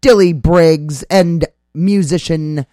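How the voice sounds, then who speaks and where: A man's voice: a little high, slow, warm tone, dry recording, studio quality. A man hosting a casual talk radio show, rambling with many fillers as he reads out upcoming gig listings.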